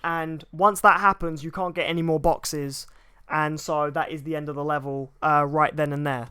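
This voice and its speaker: A man's voice: on the high side, fairly even intonation, normal speed, sharp tone, clear, resonant tone. A young man chatting casually while streaming a video game, rambling and reading viewer comments aloud. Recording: faint game music behind.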